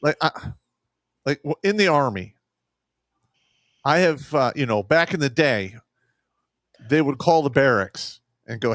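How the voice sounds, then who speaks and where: A man's voice: medium pitch, expressive, unhurried, long pauses, fairly bright tone, no room sound, studio quality. A man co-hosting a podcast, ranting heatedly with swearing. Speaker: podcast co-host, army veteran. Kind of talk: casual podcast chat.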